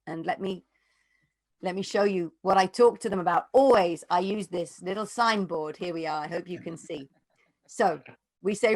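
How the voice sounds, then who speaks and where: A woman's voice: mid-range voice, normal speed, darkish tone, no echo. A woman, an economist, giving an earnest, emphatic talk and answering questions over a video call. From United Kingdom. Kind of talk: lecture and Q&A answers.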